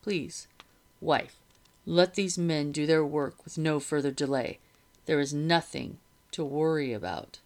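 A woman reading aloud, voicing a blustering, sly wealthy man defending his house, with a low gravelly voice. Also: measured pace, a little mellow. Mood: soothing.

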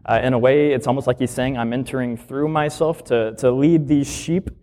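A man's voice: medium pitch, fairly even intonation, normal speed, warm tone. Conversational man teaching a sermon. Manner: explains scripture plainly, asks the listeners rhetorical questions. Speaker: minister.

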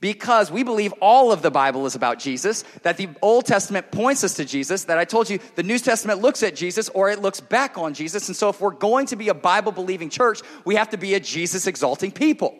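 A man's voice: high voice, expressive, fast, few pauses. Man preaching in a reverberant hall. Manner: earnest and direct, swinging between loud emphatic passages and hushed intimate ones. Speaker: pastor. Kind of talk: sermon. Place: church service. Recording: long reverb of a large hall.

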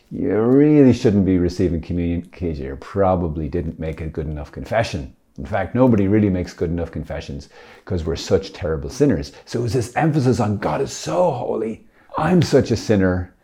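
A man's voice: low voice, warm tone. A male priest from Ireland giving a casual, jokey teaching talk, chatty and self-deprecating.

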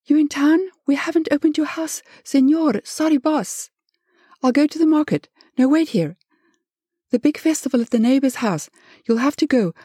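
A woman voicing a frantic, chattering female housekeeper, talking fast and close to hysteria. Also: high-pitched, mellow, dry recording, voice pushed up, lightly acted. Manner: breathless, rapid, near-hysterical.

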